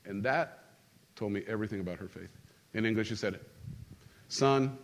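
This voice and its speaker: A middle-aged man preaching a sermon as pastor, animated and joking, calling out to his congregation. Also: fairly low pitch, normal speed, pauses often, a little hiss or hum. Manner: animated, humorous, calls on the congregation. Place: church sanctuary.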